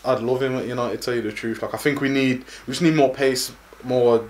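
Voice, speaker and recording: A man's voice: medium pitch, steady tone, brisk, slight background noise. Rambling man talking football. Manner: rambling, many fillers and restarts. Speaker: podcast co-host. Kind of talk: casual football chat.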